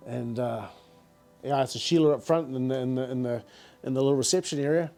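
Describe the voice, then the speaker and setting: A man's voice: mid-range voice, a little fast, mellow, soft background music. A middle-aged man with a New Zealand accent, a business founder telling stories in a casual, slangy interview, repeating words as he goes.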